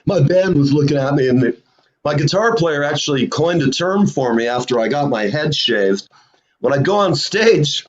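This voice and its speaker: Male show host, rambling storyteller, animated pitch, slightly high voice, dull lo-fi sound. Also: moderate pace. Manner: rambling anecdotes with fillers. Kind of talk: casual storytelling chat.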